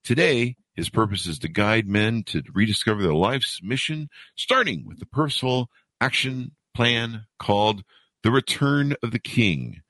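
Low voiced guy hosting a podcast, bright and bouncy, cracks jokes at himself, dry sound. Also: expressive, moderate pace, no room sound. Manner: joking, rambling, self-mocking. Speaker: podcast host. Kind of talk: casual rambling podcast intro and interview.

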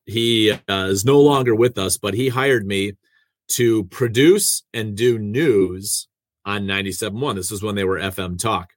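Radio man, lowish voice, dry close mic, chatty self-deprecating storyteller. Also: normal speed, no room sound. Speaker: radio host and producer. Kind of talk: casual conversational storytelling.

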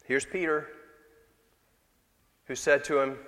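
A man's voice: medium pitch, slow pace, long pauses, fairly bright tone, in a large hall. A man preaching a sermon in a church, talking conversationally and asking the congregation rhetorical questions. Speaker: pastor. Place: church sanctuary.

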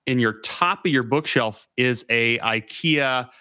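A man's voice: mid-range voice, slow, sharp tone, no echo. Playful male podcast host. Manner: playful, jokey. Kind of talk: casual interview hosting. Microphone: video call.

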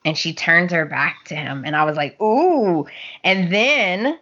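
Slow-talking bright-voiced woman podcaster. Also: lowish voice, slightly rough, lo-fi sound. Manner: animated storyteller, acts out characters' lines, laughs often. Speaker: podcast co-host. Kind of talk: casual chat recapping a soap opera.

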